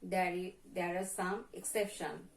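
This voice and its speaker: A woman's voice: on the low side, steady tone, measured pace, creaky, slight background noise. A woman teacher with a Bangladeshi accent, giving a lesson and repeating each word several times as a pronunciation drill. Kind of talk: slow classroom lesson. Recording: echoey room from far off.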